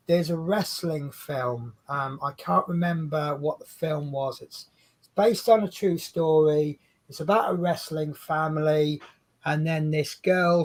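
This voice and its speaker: A man, co-hosting a craft livestream in rambling, chatty talk and laughing at his own stories. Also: a little high. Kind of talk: casual chat. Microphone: video call stream.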